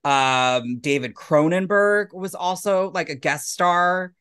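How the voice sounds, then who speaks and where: Slow-talking laid-back man. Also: sits high, fairly bright tone, clear, resonant tone. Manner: unhurried, laughs easily, self-mocking. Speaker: podcast co-host. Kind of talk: casual chat.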